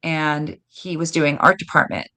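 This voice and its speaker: A woman guest telling lively stories in a casual interview, acting out quoted dialogue. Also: low voice, measured pace. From United States. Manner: animated, lots of "like" and quoted dialogue. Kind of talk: casual storytelling.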